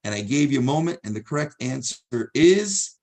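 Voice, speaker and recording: A man's voice: medium pitch, big pitch swings, normal speed, darkish tone. A man teaching a live-streamed exam review lesson, talking casually and thinking aloud as he goes.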